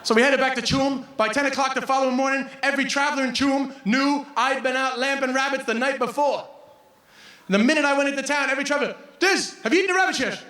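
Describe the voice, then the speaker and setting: High-pitched, animated stand-up comedian man. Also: quick pace. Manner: animated, laughing, crude. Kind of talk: stand-up storytelling. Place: comedy venue stage. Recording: roomy live venue from a distance.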